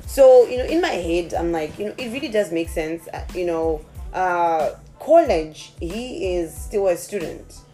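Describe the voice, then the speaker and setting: A woman telling viewers a personal story in a casual, chatty, animated way. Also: lowish voice, a little slow, few pauses, faint music behind. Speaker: vlogger.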